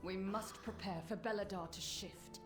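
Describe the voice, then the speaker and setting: A woman playing a solemn soldier of a dark empire in a game, speaking slow, grave stock phrases. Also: mid-range voice, fairly even intonation, close to an everyday voice. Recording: distant echoey game audio with music.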